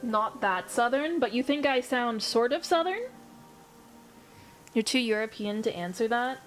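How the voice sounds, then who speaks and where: Her voice a little high and expressive at a moderate pace, a young Southern American woman streams a casual chat with live viewers, musing aloud over faint background music.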